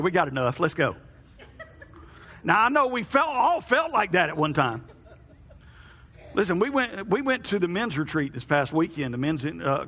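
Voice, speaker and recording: A man delivers a folksy, conversational sermon, his voice pitched high and ringing bright. He talks to the congregation as friends, asking them questions along the way. The sound carries the long reverb of a church hall. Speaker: pastor.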